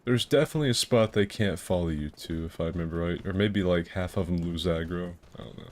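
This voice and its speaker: Young man, from Florida, very deep voice, rambling crude gameplay commentary. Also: quick pace, darkish tone, slight background noise. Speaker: gaming video host.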